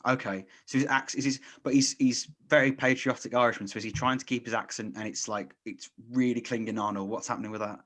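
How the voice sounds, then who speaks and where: A man's voice: medium pitch, fairly even intonation, fast talker, few pauses, fairly bright tone. A man hosting a podcast in casual chat, rambling, often restarting his sentences and laughing. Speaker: podcast host.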